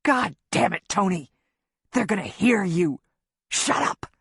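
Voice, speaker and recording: A woman's voice: medium pitch, expressive, measured pace, vocal fry, breathy edge, no room sound, studio quality, heavily acted. A woman voicing a desperate, menacing armed man. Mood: bellowing. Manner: pleading then bellowing, hissing threats. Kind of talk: audiobook narration.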